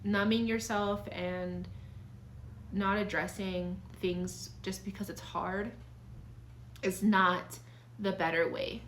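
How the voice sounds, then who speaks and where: A young adult woman speaks with a mid-range, fairly bright voice, fairly even intonation, and a slow pace with frequent pauses, over slight background noise. A vlogger sharing life advice, she talks casually and earnestly about her own life in a confiding way, using many fillers and restarts.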